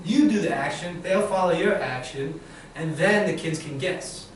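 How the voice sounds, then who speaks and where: A man runs a live teacher-training session, energetic and demonstrative. His voice sits high for a man. He is picked up from across a very echoey classroom, with faint noise behind him. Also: normal speed. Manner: energetic, demonstrative, acts out examples. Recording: very echoey room, far mic, faint noise.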